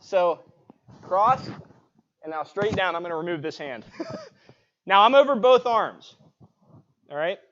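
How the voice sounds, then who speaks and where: A man with a fairly high voice leads a live-streamed self-defense class, talking casually and checking in as he demonstrates. He wears a clip-on mic, and the audio is dull and lo-fi. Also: expressive, a little slow, pauses often, a bit bright. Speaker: martial arts instructor. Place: martial arts studio. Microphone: clip-on mic, sometimes knocked off.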